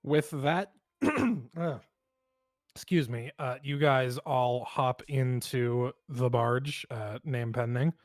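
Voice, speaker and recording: A man narrating as game master for a tabletop game, easygoing and rambling, full of ums and likes. His voice sits at a medium pitch and is recorded dry and close. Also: takes it slowly, no room sound. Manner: relaxed, rambling with many fillers.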